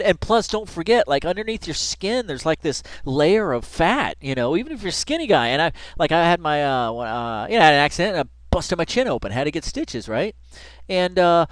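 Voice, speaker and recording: A man's voice: on the high side, lively intonation, moderate pace, clean tone, no echo. Laid-back male reaction host, chatty and giggly, recorded dry and close. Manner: laid-back, laughs often, says dude and man a lot. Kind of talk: casual reaction commentary.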